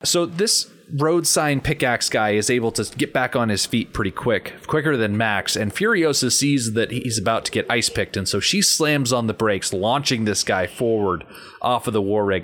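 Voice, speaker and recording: A man co-hosting a podcast, telling a movie scene in a playful, animated way. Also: medium pitch, normal speed. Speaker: podcast co-host. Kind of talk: casual movie commentary.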